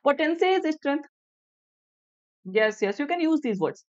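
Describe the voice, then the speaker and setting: A woman's voice: sits high, big pitch swings, a little slow, lo-fi sound. A woman with an Indian English accent teaching an online vocabulary lesson, repeating each definition, explaining in Hindi and checking in with viewers. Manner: switches to Hindi to explain, asks "clear everyone?".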